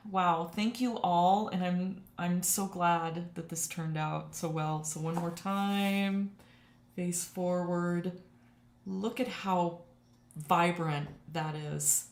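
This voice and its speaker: Woman art teacher, chatty and emotional, lowish voice, roomy echo. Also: steady tone, slow pace. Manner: chatty, emotional, laughs often. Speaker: watercolor teacher. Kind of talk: casual live-stream chat. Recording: echoey room.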